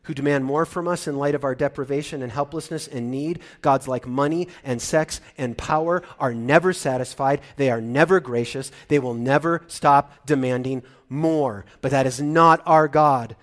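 A middle-aged man, a pastor preaching a sermon, talking with animated swings from loud excitement down to hushed, choked-up moments. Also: mid-range voice, moderate pace, few pauses.

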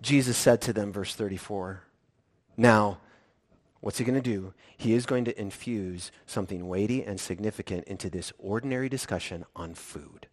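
A man preaching a sermon as pastor, animated and playful, acting out voices from the story. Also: fairly low pitch, moderate pace. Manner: animated, playful, acts out the disciples' lines.

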